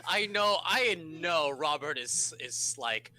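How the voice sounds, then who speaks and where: A man joining the chat, talking in an animated, teasing way. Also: fairly high pitch, slow. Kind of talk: casual chat.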